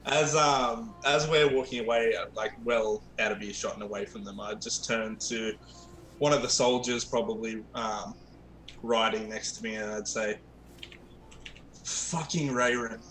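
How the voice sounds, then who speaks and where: A man playing in a tabletop game, speaking slowly and hesitantly with many ums. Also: on the low side, fairly even intonation, a bit bright. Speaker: player. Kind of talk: tabletop role-play, casual. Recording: roomy echo.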